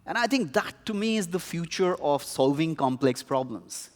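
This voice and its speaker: A man from India, speaking as a panellist, telling stories in a reflective, measured way. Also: fairly high pitch, lively intonation. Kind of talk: conference talk. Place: large conference hall. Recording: reverberant hall.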